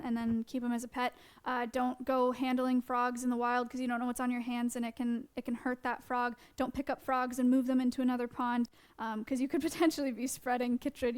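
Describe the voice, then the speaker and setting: A woman wildlife educator talking fast, with many fillers, in a casual live-stream presentation. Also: a little high, clear, resonant tone.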